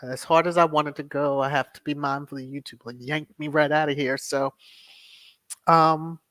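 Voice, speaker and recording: Livestream host, casual and soothing, mid pitch, dry close mic, repeats affirmations while reading comments. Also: fairly even intonation, moderate pace, a bit bright, dry recording. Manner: reads viewer messages aloud and repeats thanks and affirmations.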